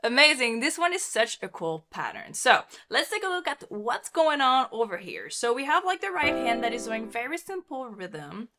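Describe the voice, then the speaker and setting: A woman's voice: a little high, very animated, normal speed, hardly any pauses. A woman teaching rock keyboard patterns, explaining them cheerfully and counting beats aloud while she plays. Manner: upbeat, instructive. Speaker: piano teacher. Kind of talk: keyboard lesson with demonstrations. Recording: loud piano playing alongside.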